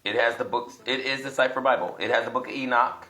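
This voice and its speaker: A man gives a casual home teaching session, thinking aloud and rambling, and he turns emphatic as he goes. His voice is bright and forward. The room around him is echoey. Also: medium pitch, quick pace, soft background music. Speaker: self-styled religious teacher. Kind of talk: casual video teaching while browsing apps.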